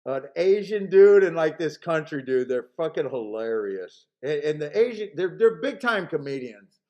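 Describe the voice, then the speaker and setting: A man with a notably high voice hosts a live horse racing stream, chatting loosely with his viewers. He rambles, swears freely and breaks into laughter often. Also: sing-song, normal speed, mellow, highs cut off. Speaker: horse racing handicapping show host. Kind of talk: casual live-stream chat.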